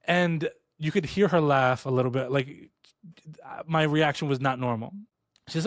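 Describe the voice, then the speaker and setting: Fast-talking animated man on a podcast. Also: fairly high pitch, no echo, clean studio sound. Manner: animated, acts out quoted lines in a raised voice; fast, rambling with restarts. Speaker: podcast co-host. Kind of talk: casual storytelling chat. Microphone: studio podcast mic.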